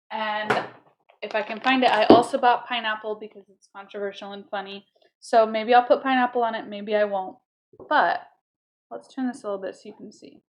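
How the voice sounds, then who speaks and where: A young woman streaming a game at home, chatting casually and excitably with her viewers, breaking into squeals of joy. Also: fairly high pitch, normal speed, noisy background. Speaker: gaming streamer. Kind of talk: casual live-stream chat. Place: home, moving to kitchen.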